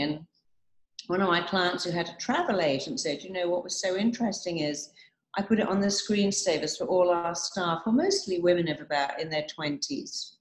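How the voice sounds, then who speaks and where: A woman with a fairly low voice speaks in a motivational talk, moving from one client story to the next and repeating short affirmations. Her voice carries a noticeable room echo. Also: moderate pace.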